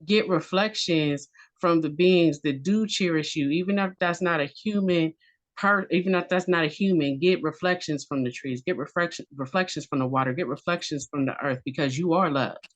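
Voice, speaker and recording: A woman on a conference panel speaking gently in rhythmic, repeated phrases of encouragement. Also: deep voice, moderate pace. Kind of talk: spiritual panel discussion.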